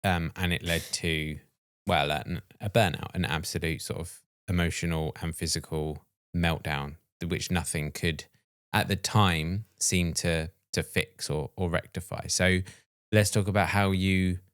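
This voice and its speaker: A man's voice: sits low, steady tone, unhurried, fairly bright tone, clean tone, dry recording, clean studio sound. A man co-hosting a podcast, supportively summarizing his partner's story and prompting her to go on. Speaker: podcast co-host. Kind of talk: casual conversational interview.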